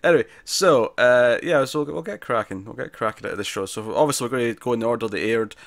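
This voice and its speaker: A man's voice: mid-range voice, fast talker, creaky. A man co-hosting a podcast, chatting casually about TV episodes and rambling with frequent restarts. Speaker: podcast co-host. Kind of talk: casual TV review chat.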